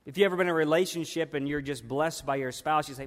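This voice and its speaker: A man in his thirties preaches a sermon in a church, his voice pitched high. He talks in a conversational, emphatic way and drives points home by repeating them. The sound carries the long reverb of a large hall. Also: quick pace.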